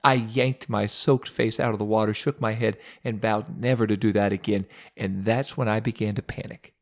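Gravelly man telling a devotional story. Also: fairly low pitch, steady tone. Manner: humorous self-mocking storyteller with dramatic pauses. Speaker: radio devotional host.

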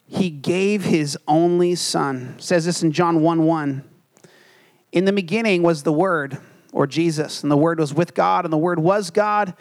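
A man's voice: fairly high pitch, unhurried. A young adult man preaching a sermon as pastor, telling stories in an earnest, self-deprecating way.

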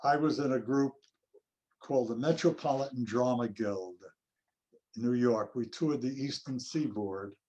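An older male actor reminiscing in an interview, telling anecdotes in an unhurried way. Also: mid-range voice, mellow, dull audio. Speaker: actor guest.

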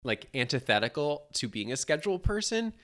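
A man's voice: fairly high pitch, big pitch swings, brisk, fairly bright tone. A man co-hosting a casual movie podcast, chatty and full of filler likes, laughing often. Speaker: podcast co-host. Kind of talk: casual movie review chat.

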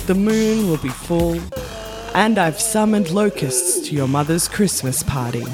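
A man playing a vengeful, overwrought spoken-word poet, declaiming slowly. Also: on the high side, close to an everyday voice. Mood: dramatic. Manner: slow dramatic declaiming over music. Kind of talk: comic slam poetry. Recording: music behind.

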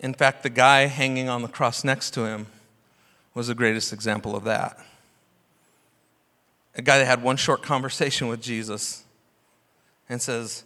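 A man's voice: medium pitch, steady tone, normal speed, long pauses, pushed and bright. A man preaching a sermon as pastor, passionate and full of rhetorical questions. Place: church sanctuary. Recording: long hall reverb.

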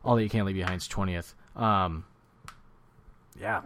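A man's voice: low-pitched, fairly even intonation, measured pace, fairly bright tone, slight background noise. A man co-hosting a podcast, chatting casually about music picks in a rambling, teasing way full of fillers. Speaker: podcast co-host.

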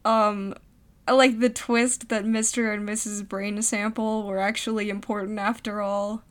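A woman's voice: mid-range voice, little pitch movement, measured pace. A young woman co-hosting a podcast, chatting casually with wry jokes and frequent laughter. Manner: giggly, wry. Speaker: podcast co-host. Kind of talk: casual chat.

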